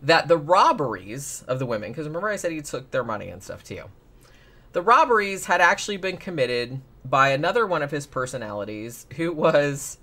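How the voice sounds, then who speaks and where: A man's voice: a little high, very animated, brisk, sharp tone. A man hosting a casual true-crime podcast, rambling with lots of "like" and restarts. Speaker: podcast host.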